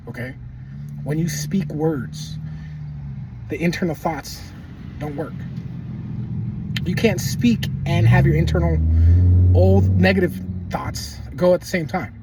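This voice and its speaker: A man's voice: fairly high pitch, big pitch swings, takes it slowly, long pauses, recorded from a distance, very noisy. A man giving casual, emphatic motivational talk, repeating himself and swearing bluntly. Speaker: manifestation video creator.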